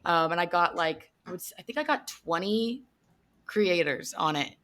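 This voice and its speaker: A woman's voice: on the low side, animated, moderate pace, a bit bright. A woman chatting casually as a podcast guest, upbeat and full of fillers. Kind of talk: casual chat.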